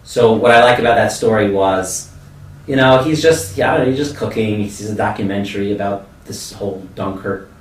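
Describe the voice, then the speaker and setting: A man's voice: fairly low pitch, a little fast. A man co-hosting a show, chatting eagerly and loosely. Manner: eager, conversational, loose with fillers. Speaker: podcast co-host. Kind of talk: casual chat. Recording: roomy sound from a distant mic.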